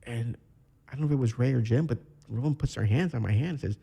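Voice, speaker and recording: A man from Chicago, a podcast guest, telling his own story in a candid, reflective way with halting restarts. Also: medium pitch, creaky, dark tone, husky. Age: 30s. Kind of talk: personal storytelling interview.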